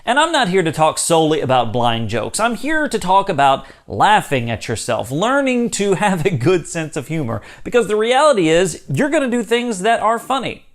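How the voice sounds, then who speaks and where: Young man, channel host, casual talk to camera, upbeat, laughs easily, fairly high voice, very lively pitch. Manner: upbeat, laughs easily, acts out quoted lines. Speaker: YouTube host.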